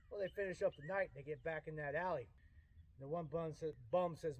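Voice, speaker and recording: A man's voice: on the high side, fast talker, darkish tone. A man casually talking through a woodworking build at his workshop in a laid-back, rambling, self-deprecating way. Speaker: woodworker and channel host. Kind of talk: casual DIY build narration.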